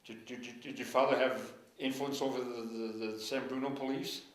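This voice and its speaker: A man's voice: medium pitch, steady tone, normal speed. A man interviewing, asking probing questions and stumbling over repeated words. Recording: echoey room with faint noise.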